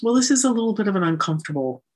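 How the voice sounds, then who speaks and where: A woman guest in an interview, telling her story with lively emphasis and acting out the dialogue. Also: medium pitch, rapid-fire. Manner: animated, emphatic, acts out quoted dialogue. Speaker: guest, nonprofit founder.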